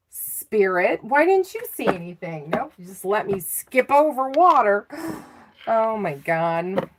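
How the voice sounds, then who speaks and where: Slow, chatty woman tarot reader. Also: medium pitch, big pitch swings, noisy background. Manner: chatty and self-teasing, laughing often. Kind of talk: live tarot reading.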